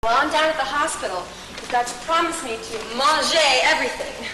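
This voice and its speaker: A teenage girl playing a cheerful, motherly young navy nurse on a school stage, speaking slowly and coaxingly with halting, simple French. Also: high-pitched, background noise, natural voice. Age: teens. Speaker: high school stage actor. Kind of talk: stage musical acting. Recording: roomy hall, distant stage mic, music.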